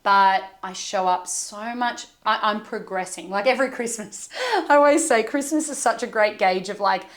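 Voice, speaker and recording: This is a young adult woman from Australia who coaches people in emotional intelligence. Her delivery is earnest and gentle, and she slips into softly spoken quoted asides as she tells stories in a podcast conversation. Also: medium pitch, normal speed, few pauses.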